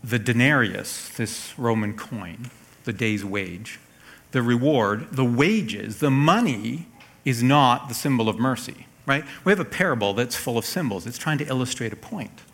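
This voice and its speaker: A man's voice: mid-range voice, animated, unhurried. Man preaching an explanatory sermon. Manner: explanatory, rises for emphasis then drops soft.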